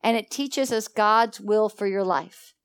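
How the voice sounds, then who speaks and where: A woman teaching a church Bible study with animated energy, laughing often and acting out conversations. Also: mid-range voice, unhurried, clean tone. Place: church meeting room.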